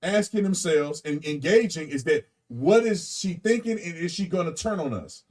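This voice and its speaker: A man narrating in a measured, explanatory way in a clip played on a show. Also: on the high side, expressive, darkish tone, recorded from a distance.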